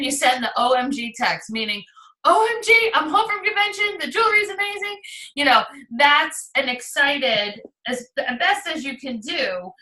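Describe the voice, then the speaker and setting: A woman in her forties with a high, bright voice coaches her sales team with eager enthusiasm. She sounds set back from the mic, in a roomy space with a noticeable echo. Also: far from the mic. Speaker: direct sales team leader. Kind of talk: live training talk.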